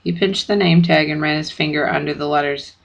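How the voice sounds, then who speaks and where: A narrator reading a first-person chapter book aloud in steady, plain audiobook narration. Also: mid-range voice, a little fast, creaky, poor audio.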